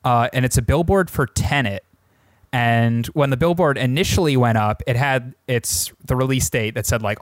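A young man co-hosting a podcast in a casual chat. He jokes around and tells stories in an even, mid-range voice. The sound is dry and close to the mic. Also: mid-range voice, no echo. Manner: joking storyteller, acts out quotes. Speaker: podcast co-host.

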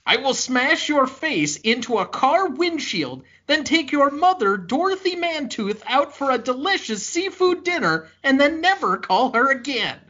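A man doing a pompous, menacing male TV news anchor from a comedy film, quoting him in a high, bright voice. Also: sing-song, measured pace, few pauses, full character voice. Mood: blustering. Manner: pompous, threatening. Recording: slightly dull lo-fi podcast audio.

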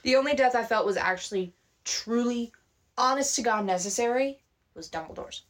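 Emphatic woman podcast co-host. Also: fairly high pitch. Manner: emphatic, slows down to stress points. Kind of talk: casual chat.

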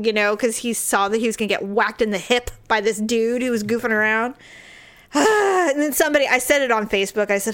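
A woman chatting casually, telling a self-deprecating story and acting out the quotes in a higher voice. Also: fairly quick, fairly bright tone.

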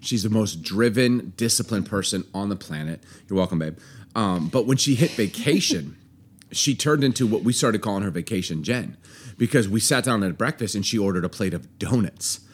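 Middle-aged guy cohosting a chatty podcast, low voice but really animated, jokey, lots of ums. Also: moderate pace, breathy edge. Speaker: podcast co-host. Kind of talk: casual chat.

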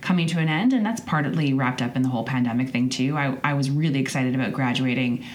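A woman's voice: extremely low pitch, fast talker. A woman in her twenties hosting a podcast, talking candidly in a rambling personal monologue with restarts and the odd swear. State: choked up. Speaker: podcast host.

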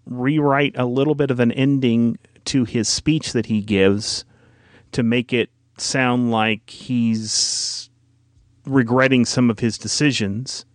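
On a dry recording, a podcast co-host with a medium-pitched voice chats casually about film trivia, explaining the details at length in an informative way.

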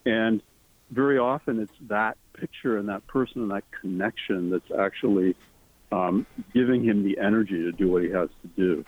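A man, an author being interviewed, talking earnestly and enthusiastically, his pitch leaping up on the words he cares about. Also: normal speed, no room sound. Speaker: author guest. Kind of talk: interview conversation. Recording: tinny phone line.

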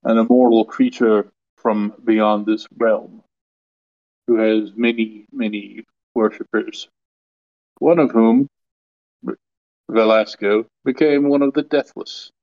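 A man voicing an ancient male Egyptian god bound in a mask, speaking in a grave, measured way. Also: lowish voice, steady tone, muffled recording. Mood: solemn.

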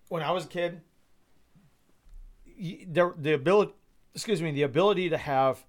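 A man in his thirties from Georgia hosting a live stream Q&A, answering in a reflective, hesitant way with many pauses and fillers. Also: on the high side. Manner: reflective, hesitant with many ums, gets emotional. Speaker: host.

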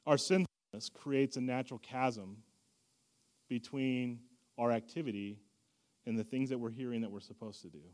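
A man preaching a sermon as a pastor, swinging from loud emphasis to hushed asides in a conversational, self-deprecating way. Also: medium pitch, steady tone, moderate pace.

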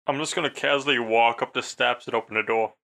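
A man's voice: medium pitch, steady tone, quick pace, gravelly, bright, forceful tone. A man playing a tabletop game, speaking in character as a confident, haughty noble. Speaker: player.

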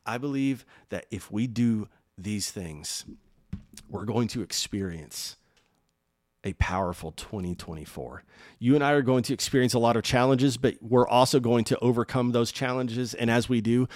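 Delivering a sermon in a mid-range voice, this pastor sounds earnest and encouraging. Key points come out loud, while his words about rest drop to a soft, slow register.

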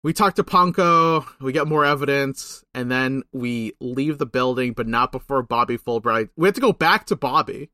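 A young man co-hosting a podcast, recapping a video game in casual, rambling chat with swearing and quick asides. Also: medium pitch, sharp tone, dry recording, studio quality. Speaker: podcast co-host.

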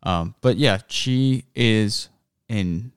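A man's voice: fairly low pitch, extremely slow, clear, resonant tone, no room sound, studio quality. A young adult man co-hosting a podcast in casual, rambling chat, often cutting himself off mid-sentence. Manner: rambling, self-interrupting. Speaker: podcast co-host.

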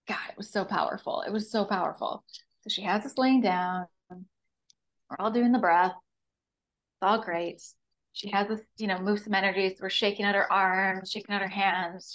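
Woman, canadian accent, podcast guest, animated storytelling, acts out her own lines. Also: medium pitch, low-quality recording. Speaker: podcast guest, breathwork facilitator. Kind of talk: personal story in an interview.

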